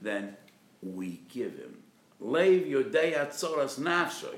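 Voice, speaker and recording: A man, a rabbi, giving a spirited lecture on religious law, hitting key terms with loud emphasis and acting out quoted speakers. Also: medium pitch, slow, roomy sound, a little hiss or hum. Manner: acts out patients and doctors in quoted voices.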